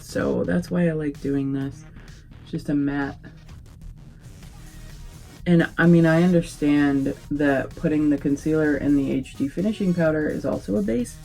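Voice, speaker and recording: A young adult woman chatting casually through a makeup tutorial, relaxed and rambling with many fillers. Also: deep voice. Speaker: beauty vlogger.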